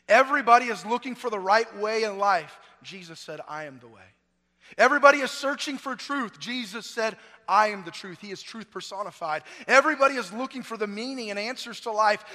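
Preacher man with a high, bright voice. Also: a little fast. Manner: preaching with sweeping swings in volume, from near-shouts to hushed lows. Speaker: pastor. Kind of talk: sermon. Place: church sanctuary. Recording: long church-hall reverb.

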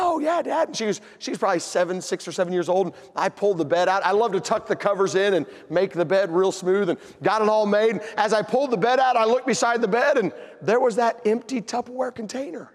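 A man telling a humorous family story in a sermon, folksy and animated. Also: high voice, in a large hall. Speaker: pastor.

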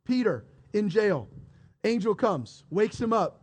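A man preaching a sermon, retelling a story with lively acted-out voices and frequent restarts. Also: high voice, slow pace. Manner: animated storytelling, acting out characters, repeated restarts. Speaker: pastor.

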